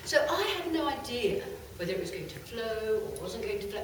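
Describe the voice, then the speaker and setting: Middle-aged woman speaker, expressive storyteller, heard from a distance in a very echoey hall. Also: a little high, a little fast, few pauses, slight background noise. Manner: lively, animated storytelling with bursts of laughter. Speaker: channeler giving a talk. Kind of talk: storytelling talk to a live audience.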